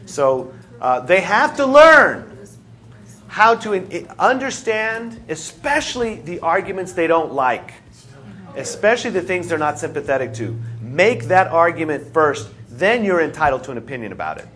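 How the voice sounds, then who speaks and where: A man leading a classroom discussion as the instructor, telling stories with animated laughter. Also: fairly high pitch, normal speed. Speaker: seminar instructor. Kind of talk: teacher leading a group discussion.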